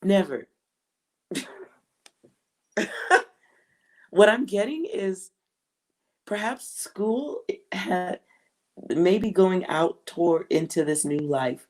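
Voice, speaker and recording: A woman doing a live tarot reading for a viewer. She speaks slowly and lets her words stretch out, blunt and full of slang. She laughs often and jumps between loud outbursts and near-whispered asides. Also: deep voice, low-quality recording. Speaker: tarot reader.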